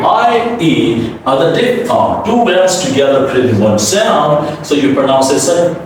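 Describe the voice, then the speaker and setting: Echoey, animated male pronunciation teacher. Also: fairly high pitch. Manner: drills words slowly, repeats them for students to echo. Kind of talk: classroom pronunciation lesson. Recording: roomy echo, voice from a distance, faint noise.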